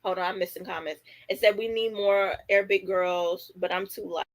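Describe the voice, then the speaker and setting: A woman's voice: mid-range voice, fairly even intonation, moderate pace, low-quality recording. A woman hosting a casual livestream, chatting with lots of fillers and reading viewer comments aloud. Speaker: livestream host.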